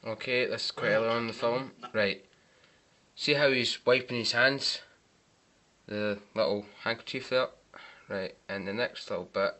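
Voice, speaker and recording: A man's voice: lowish voice, fairly even intonation, moderate pace, sharp tone. A man giving casual, wry commentary on film mistakes over clips, with sarcastic asides. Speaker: movie mistake reviewer.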